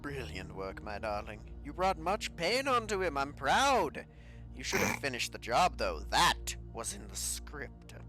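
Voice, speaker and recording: A man's voice: lowish voice, big pitch swings, very slow, gravelly, sharp tone, soft background music, exaggerated voice. A man voicing a smug, cruel male villain who drawls mockingly between coughs.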